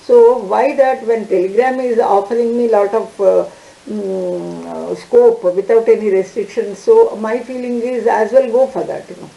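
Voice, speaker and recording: Woman, law teacher, online class, halting with fillers, roomy echo. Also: on the high side, fairly even intonation, gravelly, warm tone. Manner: halting, many fillers and restarts.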